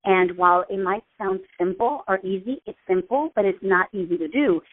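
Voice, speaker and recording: A woman's voice: mid-range voice, moderate pace, a little hiss or hum. A woman host giving a casual, chatty motivational talk, often repeating herself. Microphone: phone call. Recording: tinny phone-line sound.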